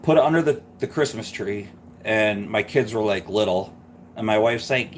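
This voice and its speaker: A man's voice: lowish voice, moderate pace, slight background noise. A man hosting a live stream, chatting casually and rambling through a story. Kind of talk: casual chat.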